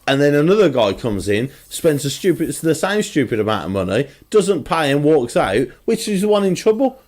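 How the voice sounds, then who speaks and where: A man co-hosting a casual football podcast, talking in an animated, exasperated way. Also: a little high, moderate pace. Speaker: podcast co-host.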